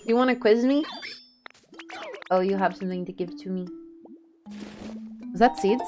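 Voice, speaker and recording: A woman streaming a game live, chatting casually, excitable and a little shy in her asides. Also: mid-range voice, normal speed, music in the background.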